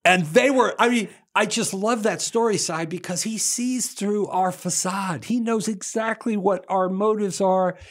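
A man teaching a Bible passage in a relaxed, conversational way, with playful slangy asides and lively acted-out quotes. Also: sits high, measured pace, few pauses. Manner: animated, acts out the crowd and Jesus in quoted voices.

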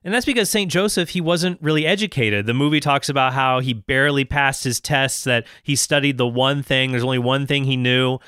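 A man giving a lively talk about saints as a Catholic author, reading quoted passages slowly and with emphasis. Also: medium pitch, clean tone, dry recording, clean studio sound. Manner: animated storyteller, reads quotes slowly and emphatically. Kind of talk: lecture-style talk on saints.

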